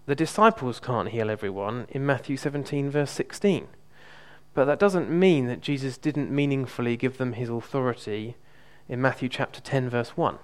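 A man preaching in an easy, conversational tone. His voice sits at an ordinary middle pitch, and he often pauses with "um" and backs up mid-phrase as he tells his story. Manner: relaxed, hesitant, frequent ums and restarts. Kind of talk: conversational sermon with personal testimony.

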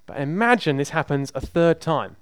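A man's voice: on the high side, big pitch swings, moderate pace, clean tone, no echo. A man preaching a sermon in a conversational, emphatic way, repeating words for emphasis.

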